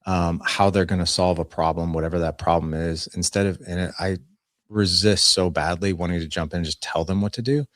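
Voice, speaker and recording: A man's voice: deep voice, fairly even intonation, fairly quick, no echo, studio quality. A man in his forties, a guest on a podcast, talking earnestly and plainly about family life and acting out bits of dialogue as he tells stories. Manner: earnest, plain-spoken, acts out dialogue in anecdotes. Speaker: podcast guest, fatherhood coach. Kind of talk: casual interview storytelling.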